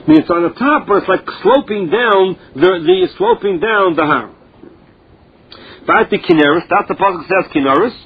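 Husky-voiced man teaching a Talmud lesson. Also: sits high, expressive, normal speed. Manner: reads a phrase then explains it in plain words. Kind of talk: Talmud lesson, reading and translating. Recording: dull lo-fi recording.

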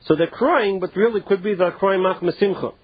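High-voiced man teaching a Talmud class. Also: breathy edge, no room sound. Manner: reads Aramaic phrases slowly, then explains in casual English with many "like"s. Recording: muffled, dull and dry lo-fi recording.

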